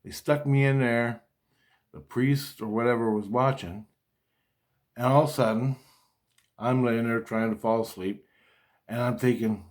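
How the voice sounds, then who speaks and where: A man's voice: medium pitch, steady tone, unhurried, pauses often. A man in a rambling personal monologue, agitated and swearing constantly as he talks. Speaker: vlogger.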